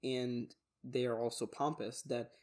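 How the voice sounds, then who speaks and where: Man, mid-pitched, halting casual chat, co-host banter. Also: little pitch movement, a little mellow. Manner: halting, searching for words.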